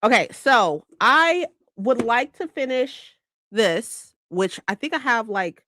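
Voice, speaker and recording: A woman's voice: fairly high pitch, lively intonation, takes it slowly, pushed and bright, no room sound, clean studio sound. A woman hosting a casual live stream, chatty and bubbly, greeting viewers and laughing often.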